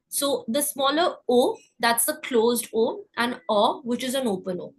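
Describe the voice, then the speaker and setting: Woman, French teacher, high voice, unhurried, repeats example words for learners. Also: expressive, husky, rough recording. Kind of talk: pronunciation lesson.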